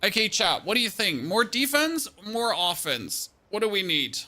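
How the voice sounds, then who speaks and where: Young man, game streamer, bright and pushy tone, chatty think-aloud delivery. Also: high-pitched, very animated, moderate pace. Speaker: gaming streamer. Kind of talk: live-stream gameplay commentary.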